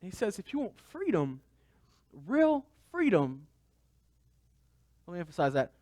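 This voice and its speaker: A man's voice: high voice, sing-song, very fast, a little mellow, no echo. A man pastor giving a conversational sermon, asking the congregation rhetorical questions.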